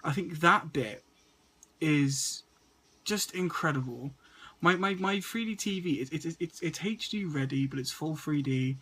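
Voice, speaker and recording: A man's voice: a little high, unhurried, pushed and bright, slightly rough. A man, stuttering and restarting often as he casually talks through a list of movies to his camera. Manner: stutters and repeats words often. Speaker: movie vlogger.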